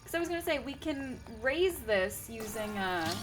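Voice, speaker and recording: A woman talks casually through a game stream, greeting viewers and musing aloud with a slightly sore throat. Her voice sits a bit high and swings animatedly, with soft music underneath. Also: expressive, moderate pace. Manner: chatty, greets chat, thinks aloud. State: sore throat, sipping tea. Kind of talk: casual game livestream chat.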